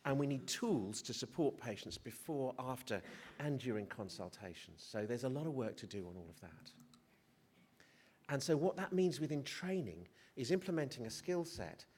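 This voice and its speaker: A man's voice: mid-range voice, expressive, moderate pace, a little mellow, a little hiss or hum. A middle-aged male physician giving a conference presentation, hesitant and prone to restarts, with self-deprecating humour. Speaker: physician speaker. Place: conference hall.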